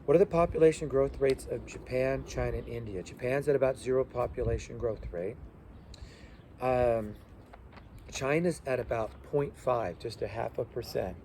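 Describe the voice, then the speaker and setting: A man's voice: medium pitch, darkish tone, a little hiss or hum. A male teacher giving a loose review lecture full of fillers, stopping to spell out terms letter by letter. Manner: loose, halting delivery with many fillers.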